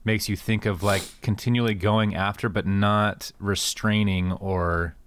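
A man's voice: fairly low pitch, fairly even intonation, a little slow, a little hiss or hum. A man talking through scripture in casual conversation, thinking aloud and searching for words. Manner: thoughtful, searching, many fillers like "like". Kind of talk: conversational Bible discussion.

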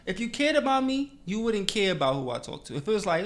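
A podcast co-host in casual banter, animated and mock-offended, laughing along. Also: mid-range voice, fast, hardly any pauses.

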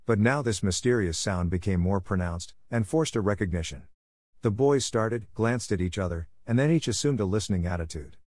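A man narrating a classic novel in a measured, expressive storybook reading. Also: on the low side, dry recording. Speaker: audiobook narrator.

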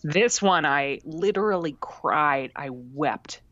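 A woman's voice: low-pitched, animated, slow, a bit bright, no echo. A woman co-hosting a podcast, telling a story in a candid, self-mocking, chatty way. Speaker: podcast co-host. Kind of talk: casual chat. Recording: dry, slightly dull recording.

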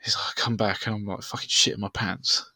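A young man chats on a podcast, spinning a rude, self-mocking story. His voice sits low, with a bright, forceful edge. The sound is dry and close. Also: little pitch movement, fairly quick, gravelly, dry recording. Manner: swearing storyteller, laughs at himself. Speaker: podcast co-host. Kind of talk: casual chat.

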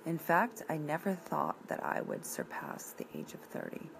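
A woman talks in a loose, rambling way. Her voice is low and full of vocal fry, and she is blunt, swearing here and there. Faint room noise sits under her voice. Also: huge pitch swings, normal speed, fairly bright tone, rough recording. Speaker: vlogger presenting a coloring page. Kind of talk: casual chat.

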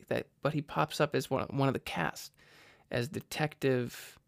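A man's voice: mid-range voice, unhurried, gravelly, no room sound, clean studio sound. A man casually rambling through movie recommendations, stumbling over words and cracking jokey asides. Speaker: vlogger reviewing movies.

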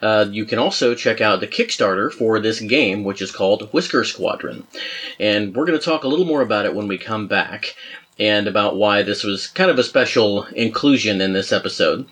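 A man's voice: lowish voice, moderate pace, fairly bright tone, breathy edge. A man hosting a casual podcast about game music, talking in a loose, rambling way with chuckles and self-deprecating asides. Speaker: podcast host.

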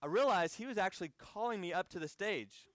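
High-voiced American man preaching. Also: lively intonation, brisk, dry recording. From United States. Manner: conversational storytelling with asides to the audience. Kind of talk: sermon.

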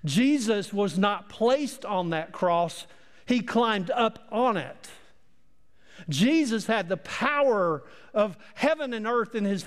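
A middle-aged man preaching a sermon, emphatic, asking rhetorical questions and pausing for effect. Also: sits high, big-room sound. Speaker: pastor.

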